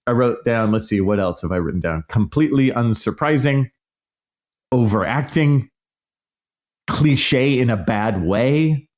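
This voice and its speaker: A man's voice: mid-range voice, expressive, a little slow. A middle-aged man hosting a casual solo podcast, reviewing a movie in a frank, exasperated rant. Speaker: podcast host.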